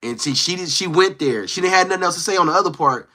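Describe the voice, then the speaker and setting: Forceful, animated man telling a story. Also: high-pitched, fast. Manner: animated, slangy, acts out others' lines. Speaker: live-stream host. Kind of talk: casual storytelling.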